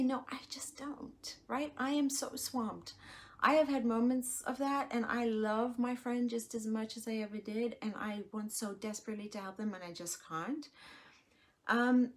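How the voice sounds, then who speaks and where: A woman in her forties, a life coach hosting her own solo podcast, talks expressively and casually in a frank, reassuring way. She acts out little voices of herself and others, sometimes sinking to soft near-whispers, and her voice is on the high side.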